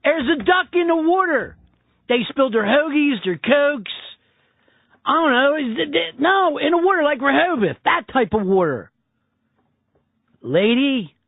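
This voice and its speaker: A radio host playing an exasperated Philadelphia man who keeps yelling that everyone is in the water. The voice sits high and nasal with a thick Philadelphia accent, and it comes through as dry, tinny, phone-like audio. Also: big pitch swings, measured pace, creaky, pauses often, dry recording, full character voice.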